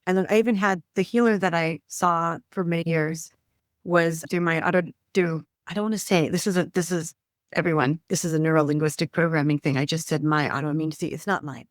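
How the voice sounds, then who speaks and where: A podcast host conducts an interview in a low, steady voice at a slightly fast pace, speaking earnestly and at times addressing her listeners directly. The recording is dry and has a clean studio sound.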